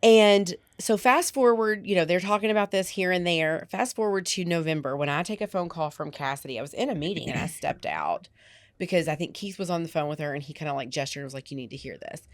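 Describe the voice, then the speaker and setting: A woman's voice: fairly low pitch, dry recording. A woman with a slight lisp, co-hosting a podcast and telling a story in casual chat, quoting people as she goes. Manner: animated, quick retelling with quoted voices. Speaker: podcast co-host.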